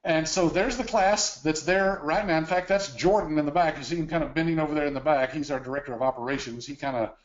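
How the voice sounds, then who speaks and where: Higher-pitched man, casual webinar co-host on a dull, lo-fi video call, slightly breathless, lots of "uh"s. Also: fast, hardly any pauses. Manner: chatty, filler-heavy. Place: home office.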